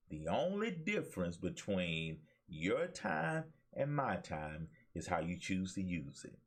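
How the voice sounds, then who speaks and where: A man with an Alabama accent hosting a talk show and preaching motivational messages straight into his webcam, with call-and-response phrases to his viewers. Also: medium pitch. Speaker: talk show host and pastor.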